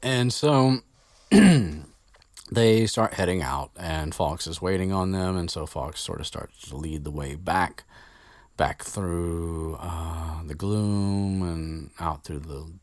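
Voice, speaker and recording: A man's voice: sits low, slow, a little mellow, no echo. A man casually retelling a story as podcast host, rambling with swearing and many fillers, close to the mic.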